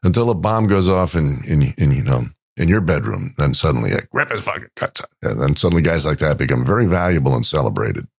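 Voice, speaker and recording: A man co-hosting a podcast, talking casually with a smooth, deep voice. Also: sing-song, fast talker, few pauses. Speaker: podcast co-host. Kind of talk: casual chat.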